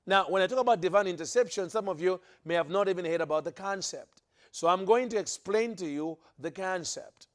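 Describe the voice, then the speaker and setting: A man's voice: high-pitched, a little fast. A man preaching a sermon, emphatic, repeating phrases for stress and often restarting his sentences. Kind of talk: sermon teaching to a listening audience.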